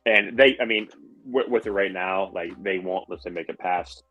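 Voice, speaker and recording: Deep-voiced, laid-back podcast guy. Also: moderate pace, pushed and bright, faint music behind. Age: 30s. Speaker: podcast co-host. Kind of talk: casual chat.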